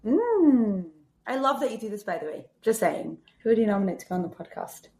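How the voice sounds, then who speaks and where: A woman's voice: a little high, sing-song, fairly quick, mellow. A woman talking as a guest on a podcast, chatty and full of filler words. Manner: chatty, heavy use of "like". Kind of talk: casual podcast interview.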